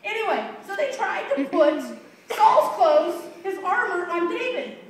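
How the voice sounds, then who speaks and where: Female children's teacher, very high voice, playful and questioning; distant mic with faint background hiss. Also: lively intonation, measured pace. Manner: playful, asks the children questions, laughs often. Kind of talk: animated storytelling to children. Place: church room with children. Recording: echoey room, mic far off, faint noise.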